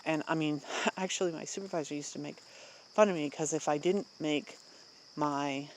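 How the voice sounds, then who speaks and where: An adult vlogger venting casually to the camera, rambling with many fillers, restarts and short laughs, getting louder and more emphatic when indignant. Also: medium pitch, moderate pace, slight background noise. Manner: rambling and candid, many fillers and self-interruptions, frequent laughs. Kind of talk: casual personal vent to camera.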